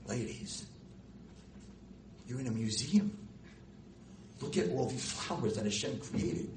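A middle-aged man, a rabbi and teacher telling stories in a lecture, animated and jumping high and loud when acting out scenes. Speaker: rabbi and girls' school teacher. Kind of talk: storytelling lecture to an audience. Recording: roomy hall with faint noise.

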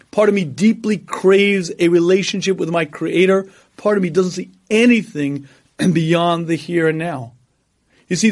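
High-voiced man teaching, clearing his throat often. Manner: storytelling, animated quoting of others. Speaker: religious teacher. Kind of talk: lecture on religion.

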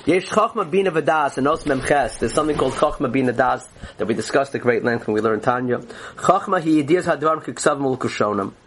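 Lively, earnest man teaching Torah. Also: medium pitch, a little fast, slight background noise, low-quality recording. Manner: earnest, explanatory, restarts phrases often. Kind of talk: Torah class lecture.

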